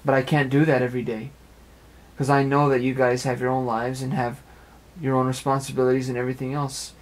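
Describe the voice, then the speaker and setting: A young man doing amateur web radio from his apartment rambles earnestly through a lengthy personal monologue, repeating himself often. His medium-pitched delivery is flat and a little fast.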